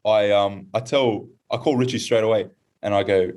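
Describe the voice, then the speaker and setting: Young aussie guy yarning on a podcast, lowish voice, jumps way up high doing other people's voices. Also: moderate pace. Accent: Australian. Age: young adult. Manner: animated, acts out quoted voices in high pitch. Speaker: guest. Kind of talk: casual storytelling.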